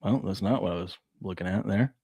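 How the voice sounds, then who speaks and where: Low-pitched guy co-hosting a sports show, easygoing storyteller, dry close sound. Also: brisk, mellow, breathy edge, no echo. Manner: laid-back storytelling with laughs. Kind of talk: casual chat.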